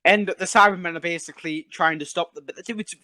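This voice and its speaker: A man's voice: high-pitched, steady tone, fast talker, pushed and bright, a little hiss or hum. A Geordie man chatting casually on a podcast, laughing often and swearing freely. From England. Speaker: podcast host. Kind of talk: casual chat.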